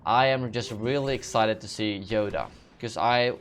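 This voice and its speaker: A fairly low voice at a moderate pace, with a little hiss or hum, belongs to a young gaming channel host doing a live Q&A. He reads chat's questions aloud and gives sleepy, yawning, rambling answers loaded with fillers and self-corrections.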